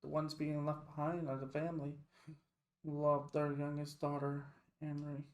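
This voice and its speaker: A man streaming a game, reading its story text aloud in a slow, deliberate way. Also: fairly high pitch, monotone, background noise.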